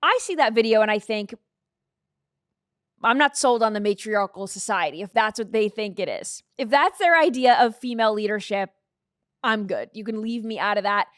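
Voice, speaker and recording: A woman's voice: on the high side, fairly quick, dry recording, studio quality. Opinionated woman host. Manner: opinionated, conversational, reads out comments. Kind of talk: live-stream commentary.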